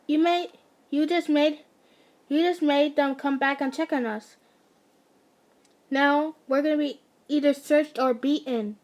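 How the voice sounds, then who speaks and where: A woman voicing a brash young boy who is a captive, speaking loudly and scolding. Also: sits high, steady tone, unhurried, pauses often. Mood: annoyed.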